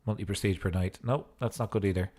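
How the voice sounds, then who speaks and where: A man's voice: on the low side, steady tone, fast talker, darkish tone. A man giving casual gameplay commentary as a streamer, in a goofy mood with joking asides. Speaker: gaming streamer.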